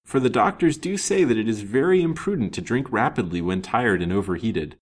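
A kind old countrywoman who fusses over her guest, as a male reader puts her on. Her voice is lifted high and a touch husky, and it rolls along in a lively way. She is homely and approving. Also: brisk. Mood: hospitable. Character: kindly old countrywoman, hospitable and chatty.

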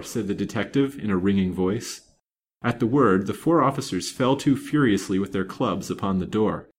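Man, low voice, measured dramatic audiobook narration, faint background noise.

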